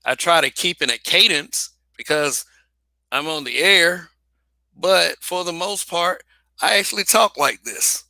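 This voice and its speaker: A man's voice: a little high, lively intonation, measured pace, gravelly, bright, forceful tone, no room sound. A man hosting a livestream, talking casually and bluntly, swearing, restarting sentences and repeating phrases for emphasis. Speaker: livestream host.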